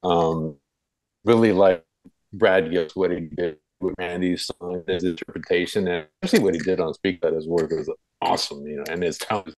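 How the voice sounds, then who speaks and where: A man with a very low voice tells a long, rambling story from memory, full of fillers and restarts. His voice sounds dry and close, with no room echo. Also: fairly even intonation, normal speed, a little mellow. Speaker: guest. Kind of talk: casual interview recollection.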